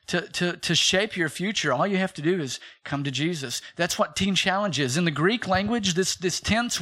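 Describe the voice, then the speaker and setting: A male pastor in his thirties preaching a sermon, telling stories with acted-out quotes and calling on the congregation to repeat after him. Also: sits high. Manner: animated storytelling with acted quotes, calls for congregation response.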